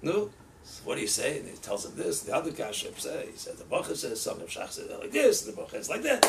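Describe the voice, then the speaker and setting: Animated, gravelly male rabbi telling stories. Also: medium pitch, fairly quick. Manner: animated, laughs often, acts out quotes. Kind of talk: casual storytelling. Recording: distant mic with faint ambient noise.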